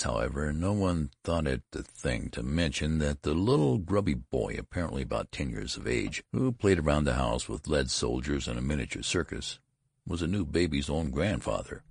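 A man narrating a story as an audiobook, with an expressive reading. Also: no room sound, clean studio sound. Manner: deep, gravelly, expressive reading.

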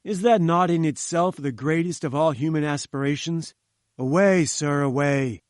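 A man voicing a domineering, irascible older male scientist who speaks in a curt, forceful, imperious way. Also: a little high, normal speed, no echo, studio quality, pitched above the performer's own voice, lightly acted. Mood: lofty.

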